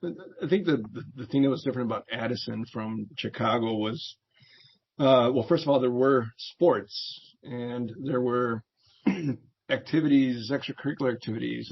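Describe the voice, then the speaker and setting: A middle-aged American man, a veteran and therapist, tells stories from his youth as an interview guest in a gravelly, husky, medium-pitched voice. He's a relaxed storyteller who laughs often and acts out the people he quotes. The audio is dull and lo-fi.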